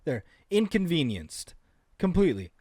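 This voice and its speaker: Lively, animated man riffing crudely. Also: fairly high pitch, normal speed, no room sound, clean studio sound. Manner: crude, lively, rambling jokes. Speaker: podcast co-host. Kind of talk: casual comedic banter.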